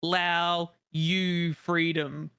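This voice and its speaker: A man voicing an eager bird-like male creature who speaks in slow, broken, repeated words. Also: fairly high pitch, flat delivery, bright, forceful tone, smooth, heavily acted.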